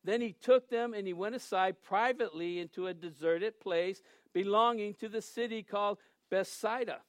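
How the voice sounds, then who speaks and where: A man's voice: sits high, moderate pace, no echo. A male pastor giving a sermon in a conversational, storytelling way that turns emphatic at times.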